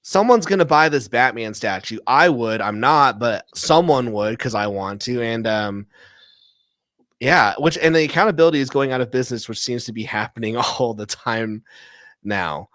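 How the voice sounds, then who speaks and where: A man's voice: medium pitch, lively intonation, normal speed, a bit bright, no echo, studio quality. A man hosting a casual live show, telling stories animatedly, acting out quotes and laughing often. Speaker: podcast host. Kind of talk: casual live-stream chat.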